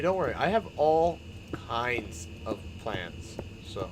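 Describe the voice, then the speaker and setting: A young man talks casually while he streams, rambling from one plan to the next and laughing as he goes. His pitch swings widely and he restarts his sentences often. Faint noise sits under his desk mic. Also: big pitch swings, takes it slowly. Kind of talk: casual chat while building in a game stream.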